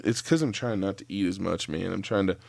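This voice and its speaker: A man's voice: low voice, fairly quick, creaky, darkish tone, no room sound. A man ranting casually on a solo podcast, profane and rambling, full of fillers and restarts. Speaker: podcast host; former chef.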